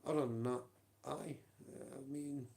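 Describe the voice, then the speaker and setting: A man's voice: medium pitch, fairly even intonation, measured pace, creaky, warm tone. A man with a Scottish accent ranting on a livestream, profane and confrontational, with blunt taunts.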